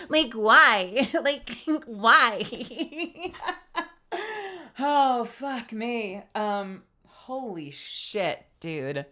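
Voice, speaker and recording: Tired, animated woman streamer. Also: fairly high pitch, drawn-out words. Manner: animated, laughing, cursing freely. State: tired, strained voice. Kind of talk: casual stream outro chat.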